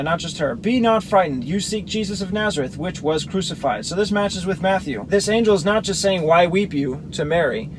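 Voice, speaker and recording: A man's voice: on the high side, a little hiss or hum, poor audio. A man reading Bible verses aloud and explaining them, comparing the gospel accounts as a teacher. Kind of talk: scripture reading with commentary.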